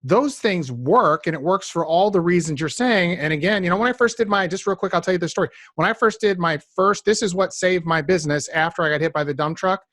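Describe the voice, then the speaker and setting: A man's voice: sits high, brisk, few pauses, no echo, studio quality. A man hosting a business podcast interview, telling stories and speaking directly to his listeners. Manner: animated storytelling, addresses listeners directly. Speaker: podcast host. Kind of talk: conversational interview.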